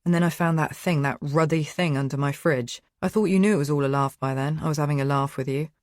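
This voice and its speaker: A woman's voice: low-pitched, quick pace, no room sound, studio quality, close to an everyday voice. A woman narrator voicing an angry young male neighbour, blunt and swearing. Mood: coaxing, calmer. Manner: shouting, sweary, then coaxing.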